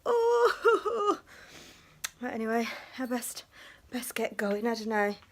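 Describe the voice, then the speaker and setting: A woman's voice: very animated, takes it slowly. A middle-aged woman chatting casually to camera in a daily vlog, sometimes cooing at her pet birds. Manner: chatty, talks to her pet birds in a high sing-song voice. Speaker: vlogger.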